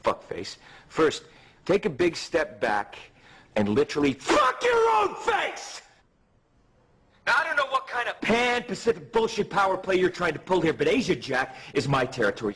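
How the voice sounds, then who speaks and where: A man playing a furious, foul-mouthed boss who shouts profane threats in a film scene. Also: high voice, husky, exaggerated voice.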